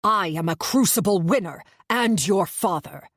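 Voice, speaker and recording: A woman's voice: medium pitch, animated, a little slow, dry recording, clean studio sound. A woman reading a novel aloud, voicing a domineering father who speaks with scorn to his son. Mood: scornful. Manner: scornful, cutting. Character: contemptuous, domineering father, an aging man.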